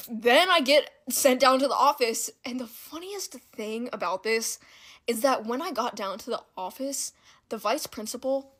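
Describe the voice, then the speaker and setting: A young woman tells a story from her school days in a casual story-time chat. Her voice sits fairly high, and she talks in an animated way, giggling and turning indignant as she goes.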